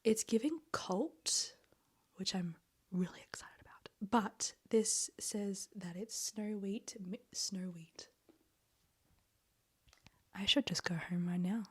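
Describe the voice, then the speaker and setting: A woman talking in a breathy, hoarse near-whisper on small clip-on microphones while she recovers from illness. She chats casually and rambles, laughing often, as a book vlogger. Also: medium pitch, slow pace, long pauses. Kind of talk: casual reading vlog chat.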